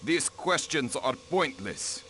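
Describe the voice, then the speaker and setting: A haughty diplomat count. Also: male voice, medium pitch, expressive, slow pace, bright, forceful tone, slight background noise. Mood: cold. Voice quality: stiff, dismissive. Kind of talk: video game dialogue.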